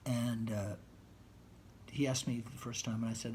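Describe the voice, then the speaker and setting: A male rock musician telling a relaxed, rambling story, with fillers and quoted voices. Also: medium pitch, moderate pace, pauses often, slight background noise.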